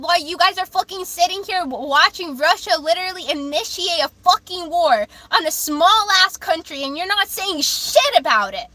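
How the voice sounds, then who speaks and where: A woman's voice: very high voice, expressive, moderate pace, few pauses, pushed and bright. A woman hosting a livestream, reading chat messages aloud and answering them in a heated, emphatic way, swearing often and repeating her points. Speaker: livestream host. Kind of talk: livestream talk reacting to chat.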